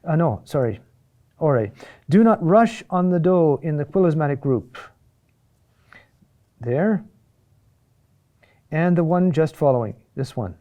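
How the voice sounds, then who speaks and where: A man teaching a chant lesson, explaining in short halting phrases with many fillers and asides, now and then singing a phrase slowly. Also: fairly high pitch, expressive, dark tone.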